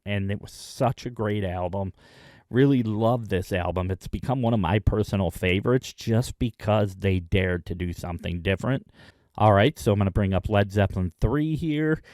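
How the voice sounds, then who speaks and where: A man hosting his own video, chatting enthusiastically in a casual rundown with frequent pauses. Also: fairly low pitch, warm tone, dry recording, studio quality. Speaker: music video host.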